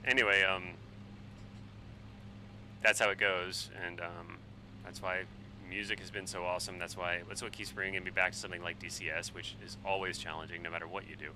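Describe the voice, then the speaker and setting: Man in his forties, slightly drunk, rambling, profane, excitable, lowish pitch, live-stream chatter. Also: a little fast, a little hiss or hum, rough recording. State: tipsy from wine. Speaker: flight sim streamer. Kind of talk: casual live-stream chat while flying.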